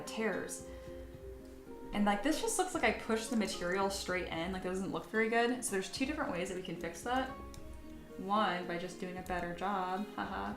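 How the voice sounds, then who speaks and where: A woman's voice: mid-range voice, roomy sound. A woman sculpting on a live stream, chatting casually with her viewers and reading their comments aloud, often poking fun at herself. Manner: chatty, self-deprecating, reads chat aloud.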